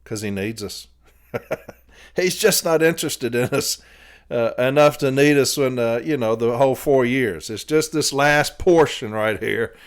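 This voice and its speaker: A man's voice: medium pitch, unhurried. A man hosting a podcast, telling a long rambling story in a casual way, laughing between phrases and swearing freely. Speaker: podcast host.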